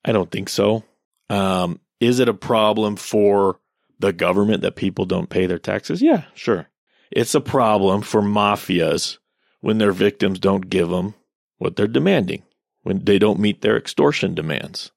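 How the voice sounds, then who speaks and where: A man's voice: on the low side, animated, unhurried, vocal fry, no room sound, clean studio sound. A man in his thirties giving casual commentary on online posts, ranting in a sarcastic, profane way.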